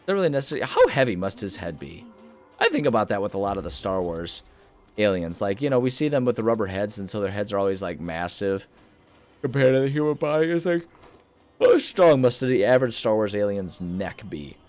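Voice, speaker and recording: While playing a video game, a young host chats in a rambling, jokey way, often teasing himself and muttering to himself. His voice is mid-range and expressive, a bit dark in tone, and fairly quick.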